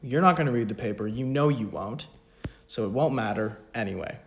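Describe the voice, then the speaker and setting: A man's voice: medium pitch, brisk. A man talking through an economics math problem in a casual lesson, with joking, self-mocking asides between steps. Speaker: economics video tutor. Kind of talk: casual spoken math walkthrough.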